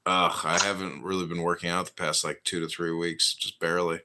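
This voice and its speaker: A man hosting a casual podcast chat, talking in a measured, reflective way. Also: low-pitched, little pitch movement, bright, forceful tone. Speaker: podcast host.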